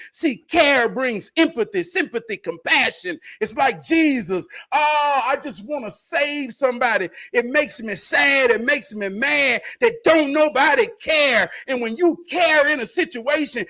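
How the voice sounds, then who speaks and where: A middle-aged man hosts a talk show with a notably high-pitched voice. He talks in a passionate, sermon-like way and swears freely. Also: sharp tone. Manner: impassioned, preacherly, profane. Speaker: host. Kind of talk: casual talk-show conversation.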